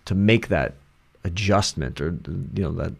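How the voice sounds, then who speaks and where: Low-voiced guy on a podcast, thinking out loud, keeps restarting his sentences. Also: vocal fry. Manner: reflective, halting, many restarts. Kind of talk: casual podcast chat.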